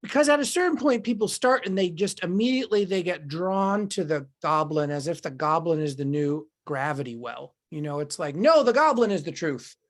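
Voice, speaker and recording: A woman's voice: deep voice, normal speed, few pauses. A woman in casual podcast conversation, talking in a meandering, reflective way and acting out inner voices.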